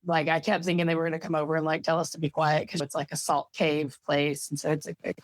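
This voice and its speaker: A woman's voice: low voice, little pitch movement, fast talker, no room sound. A woman co-hosting a podcast in casual chat, telling long rambling stories, peppered with "like" and casual swearing. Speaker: podcast co-host.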